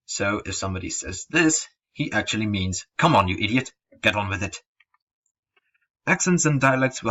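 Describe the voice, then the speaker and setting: Husky-voiced young man reading a slideshow talk. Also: fairly low pitch, a bit bright. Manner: reads steadily from a script, with occasional stumbles. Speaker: student presenter. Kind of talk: read-aloud slideshow presentation. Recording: dull lo-fi home recording.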